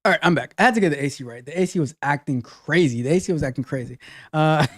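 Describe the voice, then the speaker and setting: Male host, casual live call-in chat, playful and repetitive, lively delivery, dry mic. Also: on the high side, fast, no echo. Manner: joking, repeats phrases.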